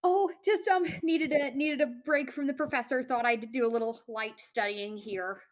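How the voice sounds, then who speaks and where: A woman's voice: sits high, moderate pace. A woman playing a tabletop game, talking lightly with small hesitations. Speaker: player. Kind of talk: casual play at a tabletop game.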